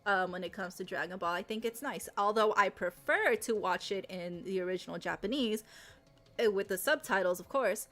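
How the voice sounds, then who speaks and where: A loud, animated woman chats on her live stream, her voice sitting in a mid range. She turns emphatic and repeats herself when she rants. Soft music plays faintly underneath. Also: mid-range voice. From Latin America. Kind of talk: casual live-stream chat.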